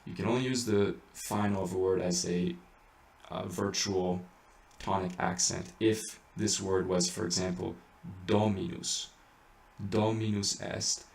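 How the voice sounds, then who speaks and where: Gravelly low-voiced man explaining chant in an echoey room. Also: fairly even intonation, darkish tone, recorded from a distance. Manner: halting explanations with many fillers and restarts, breaking into sung Latin chant. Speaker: chant teacher. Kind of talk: informal spoken lesson with sung examples. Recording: echoey room, voice a bit off-mic, faint background noise.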